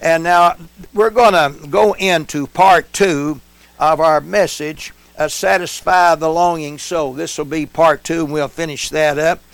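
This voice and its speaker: A pastor preaching a fiery sermon in a rhythmic cadence, repeating phrases and building to shouts. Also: male voice, on the high side, steady tone, a little slow. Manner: repeats phrases, frequent "praise the Lord".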